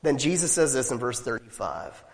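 Animated preaching man in reverberant hall. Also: medium pitch, normal speed, creaky. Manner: animated, emphatic preaching with rhetorical questions. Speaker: pastor. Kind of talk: sermon.

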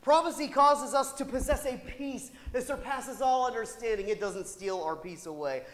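A pastor preaching a sermon to his congregation, animated and tossing in rhetorical asides with the odd laugh. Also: very high voice, moderate pace, big-room sound.

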